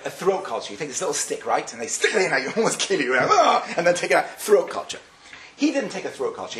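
A man giving an animated Torah lecture as a rabbi, telling stories and weaving in Hebrew terms. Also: on the high side, a little hiss or hum.

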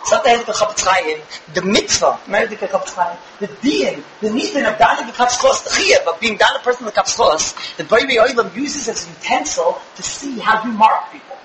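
A young man giving an animated religious lecture to a live audience, firing rhetorical questions with bursts of shouting. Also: high voice, normal speed, hardly any pauses, roomy sound, noisy background. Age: young adult. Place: room with an audience.

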